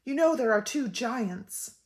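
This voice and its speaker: Grandma putting on a worried little mom, loud and higher, all exclaims and gossip, gravelly edge. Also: female voice, expressive, takes it slowly. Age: older. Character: anxious fussy mother, small woman.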